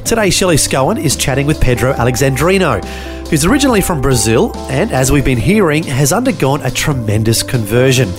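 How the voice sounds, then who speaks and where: Host: male radio announcer, lively pitch, polished scripted reads, music bed behind. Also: fairly quick. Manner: polished, expressive announcer delivery.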